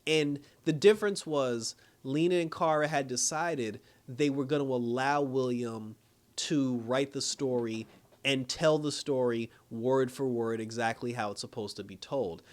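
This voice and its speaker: A man's voice: mid-range voice, measured pace. A man casually reviewing a TV episode, rambling with many fillers and frequent chuckles. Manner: rambling, full of "you know" and "like" fillers; chuckles often while recapping.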